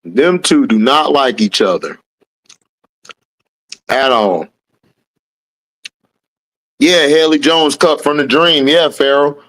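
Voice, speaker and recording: A man with a high-pitched voice hosts a laid-back livestream, greeting viewers by name and laughing through his replies. He takes his time and speaks. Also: takes it slowly, pauses often, fairly bright tone. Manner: reads out viewer names and answers chat, laughs often. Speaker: livestream host. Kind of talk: casual live-chat commentary.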